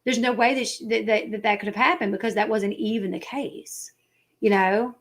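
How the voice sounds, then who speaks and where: A woman's voice: medium pitch, steady tone, moderate pace. Chatty country-sounding woman host. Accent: Southern US. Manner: chatty, rambling, acts out quoted people. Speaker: YouTube commentary host. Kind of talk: casual livestream chat.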